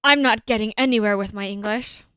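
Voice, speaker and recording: Bright-voiced young woman streamer. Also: mid-range voice, a little fast, clear, resonant tone, no room sound. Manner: playful, giggly, reacts aloud. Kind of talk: casual let's-play commentary.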